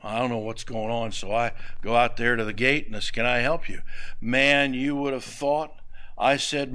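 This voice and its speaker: Folksy preacher, bright tone. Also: male voice, mid-range voice, moderate pace, rough recording. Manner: folksy storytelling with asides. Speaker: pastor. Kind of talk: sermon.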